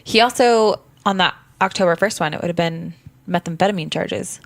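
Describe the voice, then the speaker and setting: Woman, podcast co-host, teasing and wry, lowish voice, dry close sound. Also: brisk, gravelly, dry recording. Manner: wry, teasing, jokey asides. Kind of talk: casual true-crime podcast chat.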